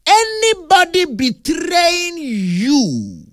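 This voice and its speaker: A man with a Nigerian accent preaching a humorous, animated sermon that mixes storytelling with playful big words. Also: very high-pitched, very slow, no echo, studio quality.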